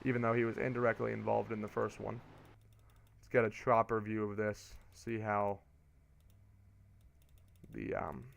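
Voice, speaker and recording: A young man streaming a racing game, giving casual play-by-play commentary that turns excitable on restarts. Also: on the low side, normal speed, vocal fry, long pauses. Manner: excitable, rises to shouting on restarts.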